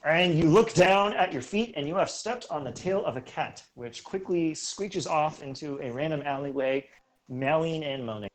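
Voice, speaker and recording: A man running a tabletop game as game master, narrating casually with lots of ums and quick laughs. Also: fairly high pitch. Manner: casual, easily laughing, with many fillers.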